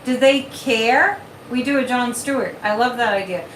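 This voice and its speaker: Brief: high, bright-voiced woman hosting a live chat stream, animated and repetitive. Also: normal speed, a little hiss or hum. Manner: animated, repeats words, reads viewer comments. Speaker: psychic livestream host. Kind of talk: casual livestream chat. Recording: echoey room, mic at a distance.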